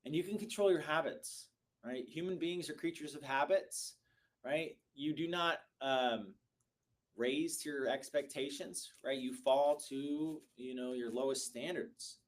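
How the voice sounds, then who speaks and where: Excitable guy in his 30s hosting a live sales pep talk, voice a bit high, gets loud then drops low and slow. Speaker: host.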